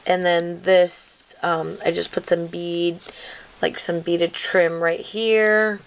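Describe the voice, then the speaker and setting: A woman's voice: lowish voice, little pitch movement, takes it slowly, a little hiss or hum. A woman casually walking through her scrapbook craft project, rambling with lots of "like" and "um". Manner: rambling, many fillers like "like" and "um"; apologetic about filming mishaps. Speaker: craft video maker.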